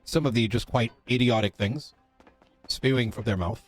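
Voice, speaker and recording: A man's voice: medium pitch, normal speed, soft background music. A man playing a police officer in a roleplay game, talking in character in an earnest, lecturing way, stopping often with fillers.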